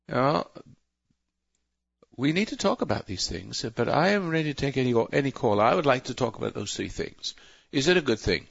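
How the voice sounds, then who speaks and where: Gravelly preachy man hosting call-in radio. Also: lowish voice, fairly bright tone, no room sound, lo-fi sound. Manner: rambling, self-interrupting, preachy. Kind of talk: talk radio monologue.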